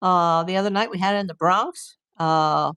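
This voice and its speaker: A woman's voice: lowish voice, normal speed, fairly bright tone, smooth. A woman streaming live from home, chatting casually with her viewers and rambling with lots of "like".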